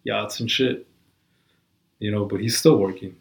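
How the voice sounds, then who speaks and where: Profane rambling man, low voice, roomy. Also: steady tone, measured pace, gravelly. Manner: profane, rambling, lots of "like" and "you know". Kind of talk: casual chat.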